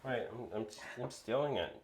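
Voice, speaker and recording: A woman's voice: very deep voice, animated, normal speed, noisy background. A woman co-hosting a casual cooking stream, talking hesitantly with fillers and restarts. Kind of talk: casual chat.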